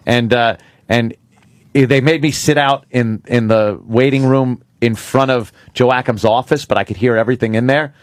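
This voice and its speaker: A man's voice: medium pitch, fairly even intonation, normal speed, no room sound, clean studio sound. Profane New man telling stories. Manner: profane storytelling, laughs often. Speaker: radio co-host. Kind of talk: casual radio banter.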